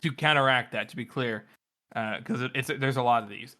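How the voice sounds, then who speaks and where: A male podcast co-host with a bright, forward voice at an ordinary pitch. He talks in a teasing, easygoing way. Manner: teasing, quick to laugh. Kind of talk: casual chat.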